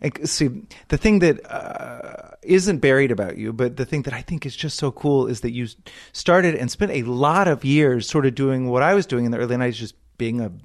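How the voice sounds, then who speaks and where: A man of about fifty hosting an interview podcast. His questions wander and restart as his enthusiasm runs ahead. He is casual and quick to laugh. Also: mid-range voice. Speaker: podcast host.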